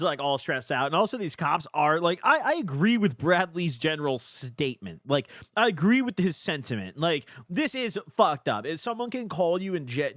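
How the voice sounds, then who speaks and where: A man's voice: a little high, a bit bright, no echo, clean studio sound. A man streaming live, giving casual, rambling reaction commentary full of "like.".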